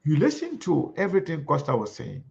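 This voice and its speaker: Male host, gravelly fry, rambles while searching for a clip; dull recording. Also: a little high, wildly swooping pitch, a little fast, a little mellow. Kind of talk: political commentary.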